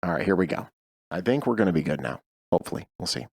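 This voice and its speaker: Lively man hosting a stream. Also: sits low, quick pace, creaky, slight background noise. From Boston. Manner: rambling, many fillers, laughs often. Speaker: host. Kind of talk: casual live-stream chat.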